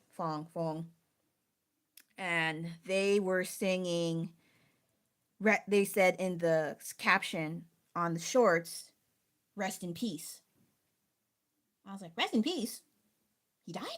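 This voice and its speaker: Woman, lowish pitch, casual rambling stream chat, chatty with restarts. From United States. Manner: chatty, rambling, self-interrupting. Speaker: art streamer.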